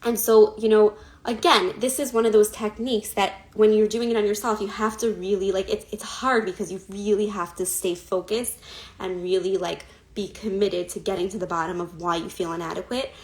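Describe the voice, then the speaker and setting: A woman's voice: medium pitch, steady tone, brisk. A woman coach giving a chatty talk on an Instagram live, with many fillers, asides and light laughs.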